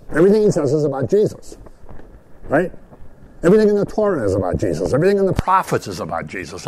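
A man's voice: a little high, slight background noise, rough recording. A man teaching the Bible to a group in a conversational sermon, often checking in with "right?" and acting out the people he quotes. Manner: animated, asks "right?", acts out quoted speakers.

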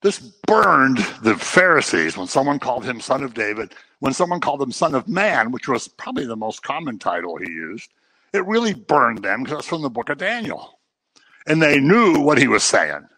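A man preaching a sermon, swinging between loud emphasis and quiet asides. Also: medium pitch, big pitch swings, moderate pace.

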